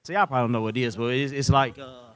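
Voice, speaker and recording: A man's voice: mid-range voice, racing, very noisy. A man doing stand-up comedy, rambling through anecdotes and laughing at his own jokes.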